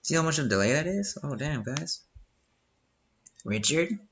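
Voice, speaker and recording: A man's voice: a little high, big pitch swings, normal speed, highs cut off, noisy background. A young man casually reading a visual novel aloud, breaking off with joking asides. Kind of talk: casual live game reading.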